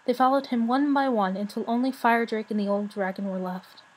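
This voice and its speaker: A woman narrating a novel aloud for her channel, in steady storytelling. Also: on the high side, fairly quick, husky. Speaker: channel host reading aloud.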